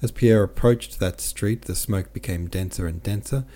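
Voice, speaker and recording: A man narrating an audiobook in a steady, measured way. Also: on the low side. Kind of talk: audiobook reading.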